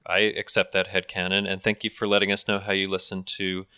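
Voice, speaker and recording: A man co-hosting a casual podcast, chatting quickly and reading listener feedback aloud. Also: low voice, completely flat delivery, sharp tone, smooth, no echo, clean studio sound. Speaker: podcast co-host.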